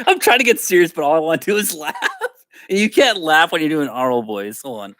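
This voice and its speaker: A man's voice: fairly high pitch, animated, fairly quick, a bit bright. Giggly man chatting on a live stream. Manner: giggly, keeps breaking into laughter; playful, chatty with viewers. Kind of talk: casual live-stream chat.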